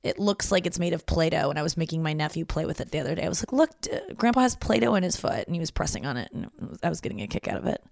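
A woman's voice: sits low, vocal fry, darkish tone, no room sound, studio quality. A woman hosting her podcast, talking alone in a loose, candid, yawning ramble with plenty of swearing. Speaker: podcast host. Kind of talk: casual solo monologue.

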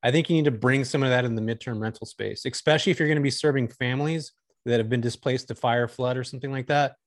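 A man's voice: medium pitch, fairly even intonation, fast talker, no room sound, clean studio sound. A man talking candidly and enthusiastically as a guest on a casual podcast chat. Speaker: guest, short-term rental host.

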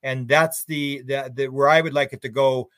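A man's voice: medium pitch, steady tone, moderate pace, a bit bright, no room sound. An older man as an author guest on a radio show, answering in a rambling and bluntly opinionated way with many restarts.

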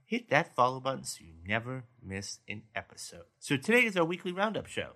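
Bright-voiced man hosting a podcast. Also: medium pitch, sing-song, brisk. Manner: reads news stories aloud, then chats. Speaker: podcast host. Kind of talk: casual podcast roundup.

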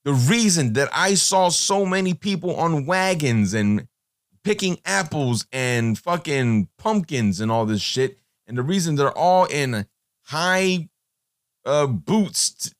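A man's voice: on the high side, no echo, studio quality. A man hosting a podcast, giving a blunt, profane, rambling monologue with many fillers. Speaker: podcast host.

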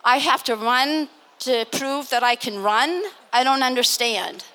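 An older woman from Massachusetts telling a lively story as a guest on a live panel, laughing and acting out what people said. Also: high-pitched, unhurried. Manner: animated, laughing, acts out quotes. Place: live expo stage.

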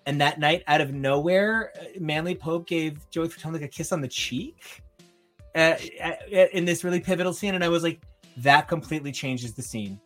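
A young man in casual chat on a podcast, rambling through a story and acting out the voices of the people in it. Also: fairly high pitch. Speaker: podcast co-host.

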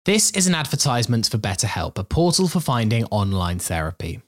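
Man reading a lively podcast ad. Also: medium pitch, a little fast. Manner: smooth, upbeat, persuasive. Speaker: ad reader. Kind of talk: scripted ad read.

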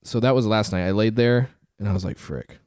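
A man's voice: lowish voice, fast talker, a little mellow, dry recording, clean studio sound. A man co-hosting a podcast, telling a story in casual chat with lots of fillers. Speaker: podcast co-host.

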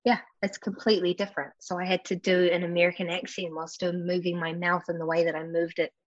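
Speaking quickly in a fairly low, level voice, the New Zealand guest actress keeps the interview casual and frank, often breaking into laughter and mimicking those she quotes. Her accent is New Zealand. There's no echo, but the audio sounds dull.

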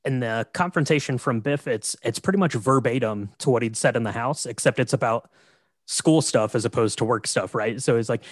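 A man with a mid-pitched voice recaps a movie in a relaxed podcast chat. He talks in an easygoing, conversational way. The recording is dry and close, with no room sound. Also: a little fast, no echo. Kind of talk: casual film recap chat.

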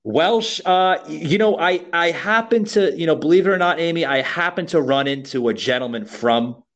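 A man's voice: a little high, normal speed, fairly bright tone. An American man from Florida hosting a podcast, talking casually with many repeats and "you know". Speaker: podcast host. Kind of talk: casual interview chat.

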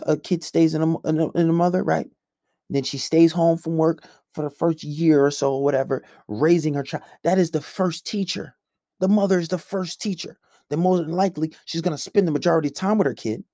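A male coach in a blunt, combative rant, swearing constantly. His voice is dark and mellow. The sound is dry and close. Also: a little high, no room sound. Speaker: men's coach. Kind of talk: profane ranting monologue.

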